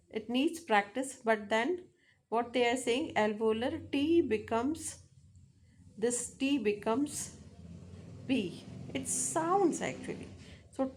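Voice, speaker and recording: A woman teaches a phonetics lesson, speaking very slowly. She breaks off often and repeats each example word several times. Her voice sits a little higher than most. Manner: slow, halting, repeats example words many times. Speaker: English teacher.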